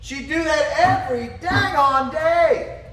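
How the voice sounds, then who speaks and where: A man's voice: very high-pitched, slow pace, a bit bright, recorded from a distance. A man giving a motivational talk, telling a story with animation and frequent laughs. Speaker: motivational speaker. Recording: roomy echo, voice from away from the mic.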